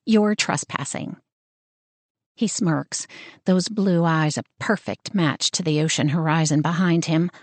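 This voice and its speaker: A woman's voice: low voice, unhurried, dry recording. Woman narrating a romance audiobook.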